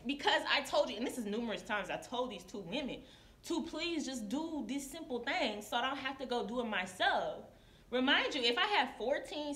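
A woman nurse telling a story to camera in casual confessional style, animated and acting out her coworkers. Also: fairly high pitch. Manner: animated, acts out coworkers' voices. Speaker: licensed practical nurse. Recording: echoey room.

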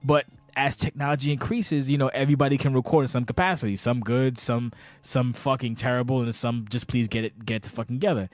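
A podcast host with a mid-range voice talks fast with few pauses in a dry recording. A little tipsy, he rants animatedly in casual chat, rambling, swearing, stuttering, and restarting.

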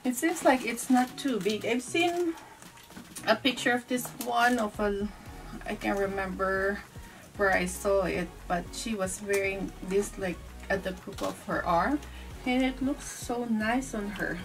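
A woman's voice: mid-range voice, a little slow, far from the mic, faint music behind. A woman from the Philippines with a Filipino accent, chatting casually through a handbag unboxing, musing aloud as she goes. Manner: chatty, restarts and muses aloud.

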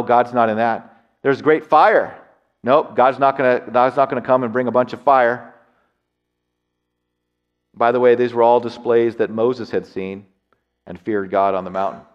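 A man preaching a sermon as pastor. He drops to hushed tones and rises to loud, excited storytelling, often repeating words as he builds a point. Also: on the low side. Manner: swings from hushed, near-whispered lines to loud, excited storytelling. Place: church sanctuary. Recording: long hall reverb, dull lo-fi sound.

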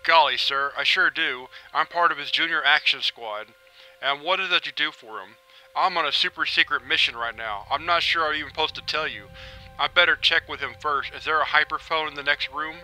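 A man's voice: fairly high pitch, brisk, bright, forceful tone, soft background music, poor audio. A man voicing an eager, polite teenage boy who thinks he is a space cop, full of gee-whiz exclamations.

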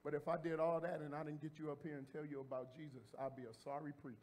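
High-voiced man preaching a sermon. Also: little pitch movement, racing. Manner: emphatic, repeats phrases and builds to shouting; addresses the congregation directly and informally. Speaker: pastor. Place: church sanctuary before a congregation.

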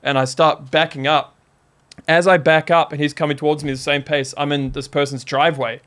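A man in his twenties with a New Zealand accent, a podcast guest telling a story in a casual, animated way and filling his talk with "like". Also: fairly high pitch, a little fast. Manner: animated, heavy use of "like" as a filler.

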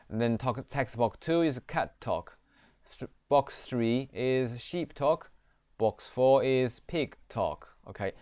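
A man giving a screen-recorded programming lesson, reading code aloud and often pausing on "okay". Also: mid-range voice, darkish tone, no echo, studio quality. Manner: slow, repeats "okay", reads code aloud. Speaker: programming teacher. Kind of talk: screen-recorded coding tutorial.

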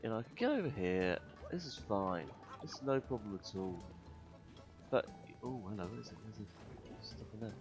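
A man commentating his gameplay, muttering to himself between loud, swearing outbursts, a little tired. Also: fairly low pitch, very animated, normal speed. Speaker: gaming video host. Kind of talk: let's play commentary. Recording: faint game music behind.

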